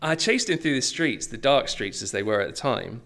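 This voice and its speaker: Animated preacher. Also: male voice, medium pitch, moderate pace, vocal fry. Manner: conversational and animated, with asides and self-deprecating humour. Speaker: pastor. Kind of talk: sermon.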